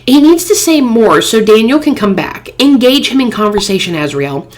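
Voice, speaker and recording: A woman's voice: fairly high pitch, expressive, moderate pace. A woman hosting a phone game playthrough, reading chat messages aloud in a playful, chatty way. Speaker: gaming channel host.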